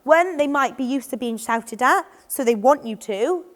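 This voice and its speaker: A woman's voice: high-pitched, animated, moderate pace. A woman giving an informal training talk, with many ums and restarts, acting out what children and adults might say. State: voice a bit off today. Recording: long hall reverb.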